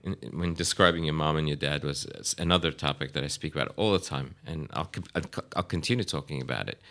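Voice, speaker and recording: Very deep-voiced earnest podcast host. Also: male voice, quick pace, pushed and bright. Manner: earnest, affirming interviewer who repeats words. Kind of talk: casual interview conversation.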